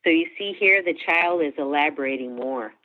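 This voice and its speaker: A woman's voice: low voice, moderate pace. A woman working as a parenting coach, explaining step by step to an interviewer over a remote call. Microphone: remote video call. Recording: tinny phone-like call audio.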